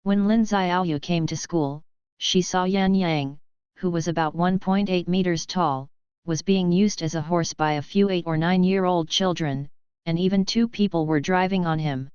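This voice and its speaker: Smooth low-voiced woman narrating. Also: normal speed, darkish tone, no room sound. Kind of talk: audiobook narration. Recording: dull lo-fi dry audio.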